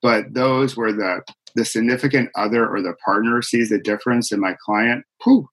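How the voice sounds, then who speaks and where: A man's voice: fairly low pitch, steady tone, moderate pace, fairly bright tone, rough recording. A middle-aged man, a guest executive coach, telling his story in an earnest, heartfelt way with many fillers. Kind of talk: conversational storytelling.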